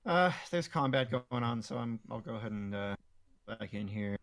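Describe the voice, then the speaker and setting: A man playing a tabletop game, talking in a halting way with many fillers. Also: medium pitch, expressive, a bit bright, no echo. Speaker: player. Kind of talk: casual tabletop play.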